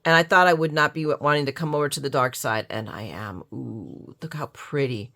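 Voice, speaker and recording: A middle-aged woman chats through an unboxing of her craft supplies with a bright, forceful voice that sits a little low. She gushes and exclaims over each piece and keeps stopping to restart her sentences. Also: fast talker. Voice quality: gushing, exclamatory, restarts a lot. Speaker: craft vlogger. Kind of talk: casual unboxing chat.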